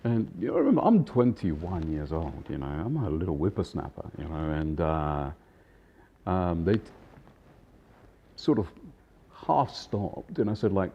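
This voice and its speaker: A man in his fifties with a low, husky voice tells an old work story in a loose, chatty way. He acts out the people in it and laughs along. The recording is dull and lo-fi. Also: very animated, measured pace, pauses often. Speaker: chef and storyteller. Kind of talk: casual anecdote telling.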